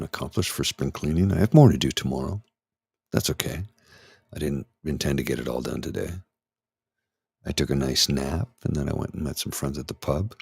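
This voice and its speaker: Shaky, gravelly deep-voiced anxious man. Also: a little mellow, no room sound. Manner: halting, restarts, anxious and shaky. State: anxious, trembling voice. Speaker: ASMR channel host. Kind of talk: candid personal talk.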